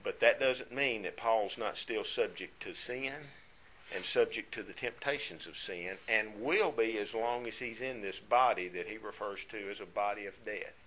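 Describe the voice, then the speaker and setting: A man teaching a Bible study class, earnest and conversational, growing louder when he reads scripture aloud. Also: on the low side, normal speed, poor audio. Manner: earnest, rises in volume when reading scripture.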